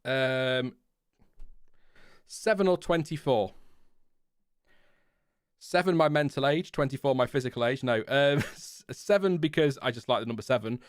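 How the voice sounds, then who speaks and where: A man's voice: mid-range voice, unhurried, long pauses, clean tone, dry recording, studio quality. A man, hosting a casual live stream about racing and answering viewers with rambling, self-deprecating asides and frequent chuckles. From Lincolnshire, England. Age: 30s. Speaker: F1 channel host.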